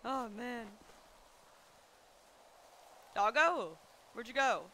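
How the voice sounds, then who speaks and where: A woman streaming a game roleplay, chatting excitably and calling out to her in-game dog while hunting. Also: on the high side, extremely slow.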